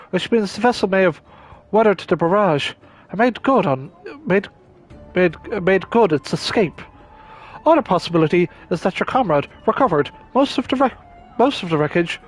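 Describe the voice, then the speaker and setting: A proper, stately older gentleman from a game, formal and measured in speech, as a man puts him on. He sounds dignified and old-fashioned. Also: high voice, low-quality recording.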